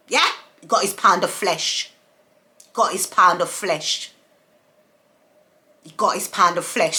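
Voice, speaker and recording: A woman's voice: medium pitch, bright, forceful tone. A woman, a mother talking to her camera in an emphatic, repetitive rant full of rhetorical questions. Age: adult, mother of several children. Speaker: vlogger. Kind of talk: casual monologue to camera.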